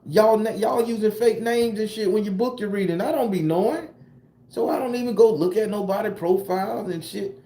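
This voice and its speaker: This man speaks high and a little fast, in a mellow tone. He's a tarot reader and channel host from southern Florida with a Southern US accent, chatting casually on a livestream and responding to comments in loose, profane slang. The recording carries room echo.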